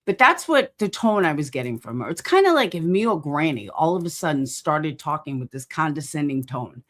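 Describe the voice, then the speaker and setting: A woman with a slightly low voice hosts a casual stream, and her pitch jumps around a lot as she talks. She rambles bluntly, swears freely and keeps losing her word mid-sentence. She stops now and then to greet people in the chat. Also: very animated, brisk. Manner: rambling, blunt and profane, gropes for words; reads and greets chat viewers. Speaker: livestream host.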